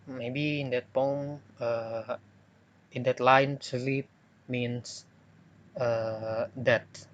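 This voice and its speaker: Slow, hesitant young man presenting. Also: mid-range voice, fairly even intonation, highs cut off. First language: Indonesian. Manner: hesitant, with many "uh" fillers and self-corrections. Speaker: student presenting a poem analysis. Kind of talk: classroom presentation.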